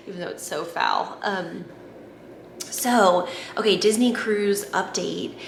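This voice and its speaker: A woman, chatting to camera in a gushing vlog, repeating herself when excited. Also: on the low side, gravelly. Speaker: vlogger. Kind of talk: casual chat to camera. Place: home at night. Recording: echoey room, faint background noise.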